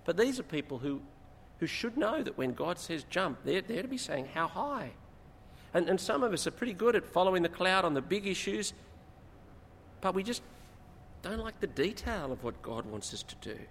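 A man's voice: sits high, moderate pace. Preacher man in a reverberant hall. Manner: expository, rises in emphasis, animated retelling. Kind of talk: sermon. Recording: long hall reverb, faint noise.

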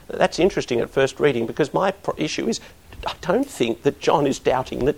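A man's voice: medium pitch, animated, moderate pace, vocal fry, a little mellow, slightly rough. A middle-aged man preaching a sermon, earnest and building to emphatic bursts.

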